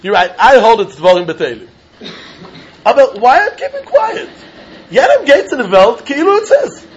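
A man giving a Talmud lecture, animated and chuckling as he acts out both sides of an argument. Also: very high voice, normal speed, a little hiss or hum. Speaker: Talmud teacher. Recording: dull lo-fi recording.

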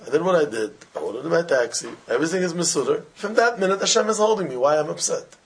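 A man teaching an informal religious class, telling animated everyday stories in simple, broken English with Hebrew and Yiddish terms mixed in. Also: fairly high pitch, fast. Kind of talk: informal Torah talk with stories.

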